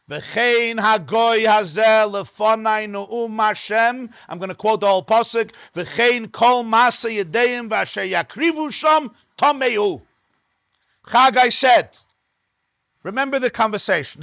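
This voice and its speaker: A rabbi leads a Talmud study class in a synagogue, and his voice sits high and bright. He acts out the exchanges in the text with animation and slips Hebrew and Aramaic phrases into his English. The sound is close and dry. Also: a little slow, no room sound. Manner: animated, acts out dialogue between figures in the text.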